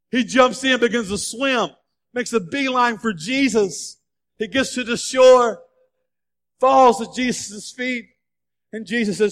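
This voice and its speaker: A man preaching a sermon, telling the story with lively changes of voice as he acts out the figures. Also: very high voice, a little slow. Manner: animated storytelling, acting out quoted voices. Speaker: pastor. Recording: long hall reverb.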